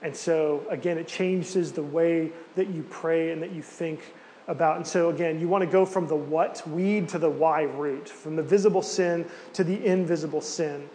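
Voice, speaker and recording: A man's voice: a little high, fairly even intonation, moderate pace, warm tone. A man giving a casual, conversational teaching talk with many fillers and asides. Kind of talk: sermon-style teaching talk. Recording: hall reverb with faint background noise.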